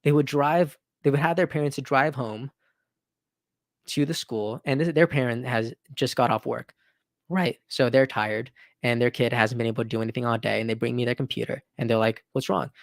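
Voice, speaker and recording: A man in his thirties speaks in a casual live-stream chat, earnest and eager. His voice sits at an ordinary middle pitch and is recorded close and dry, with no room sound. He often restarts phrases and tacks "right?" onto his points. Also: moderate pace, no room sound. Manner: earnest and enthusiastic, with frequent restarts and "right?" tags. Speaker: livestream host.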